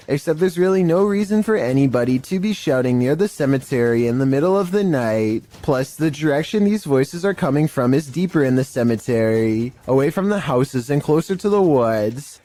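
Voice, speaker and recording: A man narrating a compilation of creepy camera clips in a measured, scripted storytelling manner. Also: mid-range voice, mellow. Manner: measured, mildly spooky storytelling. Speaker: narrator of a paranormal clip compilation.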